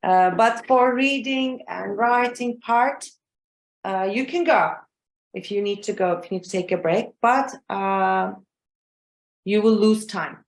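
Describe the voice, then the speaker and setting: A woman trainer teaches a class over a video call at a middle pitch. She is patient and keeps checking in with "okay?" and "yeah?" Her voice carries a roomy echo. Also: slow. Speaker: exam trainer. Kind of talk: live online class.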